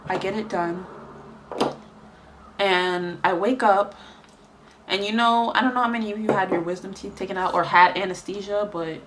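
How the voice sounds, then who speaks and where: A woman's voice: medium pitch, fairly even intonation, moderate pace, long pauses, background noise. A young woman telling a rambling story in casual chat while doing her makeup, with lots of fillers. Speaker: beauty vlogger.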